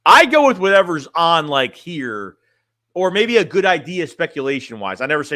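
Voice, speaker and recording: A man's voice: on the high side, big pitch swings, moderate pace, sharp tone, dry recording, clean studio sound. A man chatting casually on a livestream as a sports fan streamer, reading chat and talking bluntly, rambling and restarting his phrases.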